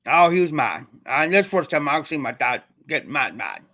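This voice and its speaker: A man from Ohio rambles through a personal story on his livestream, repeating himself in a loose, colloquial style. His voice sits a little high for a man. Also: big pitch swings, normal speed, sharp tone. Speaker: livestream host.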